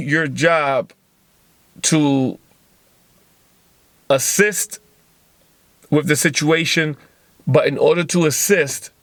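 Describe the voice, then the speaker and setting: A man hosting a podcast, giving a blunt, profane motivational monologue and acting out quick bits of dialogue. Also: mid-range voice, a bit bright, no echo. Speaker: podcast host.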